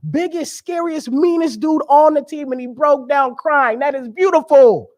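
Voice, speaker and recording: A man's voice: very high voice, moderate pace. A young man giving a sermon as a guest speaker, conversational and joking, with emphatic preaching.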